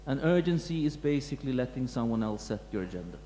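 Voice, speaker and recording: Halting man lecturing in an echoey hall. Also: medium pitch, animated, dark tone. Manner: halting, many restarts and fillers, reflective. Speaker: museum curator giving a talk. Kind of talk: lecture talk to an audience. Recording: echoey hall with faint hum.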